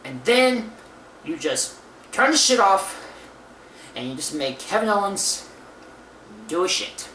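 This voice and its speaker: A man's voice: sits high, big pitch swings, slow, pauses often, pushed and bright. A young man casually reviewing a wrestling show, ranting and cursing with many restarts and fillers. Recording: echoey room, far from mic, faint hiss.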